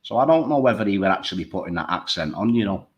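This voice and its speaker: A man's voice: fairly low pitch, expressive, fast, highs cut off. A man talking bluntly and emphatically in a casual chat show, swearing freely.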